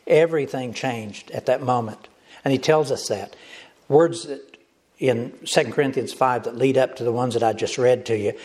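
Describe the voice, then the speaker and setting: A man's voice: mid-range voice, moderate pace, darkish tone. A male pastor preaching a sermon, emphatic and repetitive, speaking directly to the congregation.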